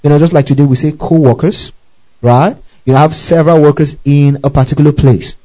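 A man's voice: on the high side, steady tone, brisk, mellow, dull audio. A man preaching a sermon, spelling out words letter by letter and calling on his listeners to repeat after him. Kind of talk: sermon teaching.

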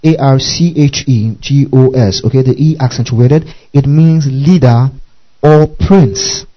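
A man's voice: medium pitch, a little slow, dull audio, slight background noise. A man preaching a sermon, spelling out words letter by letter and calling on his listeners to repeat after him. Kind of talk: sermon teaching.

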